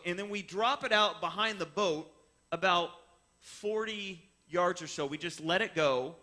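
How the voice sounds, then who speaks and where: A man telling a personal fishing story, explaining step by step and acting out the voices of the people in it. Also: high voice. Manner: animated, acts out voices in his story. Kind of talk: personal story told to listeners.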